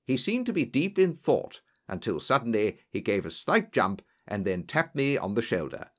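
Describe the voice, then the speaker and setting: A male narrator reads a story aloud with lively, expressive delivery. His pitch rises and falls widely as he carries the scenes along. He also acts out the dialogue. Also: moderate pace. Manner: expressive, voices characters in dialogue. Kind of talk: audiobook narration.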